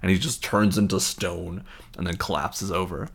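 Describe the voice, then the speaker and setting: A man's voice: low voice, steady tone, normal speed, vocal fry, slightly rough. A man casually retelling a film scene, rambling and incredulous, with lots of fillers.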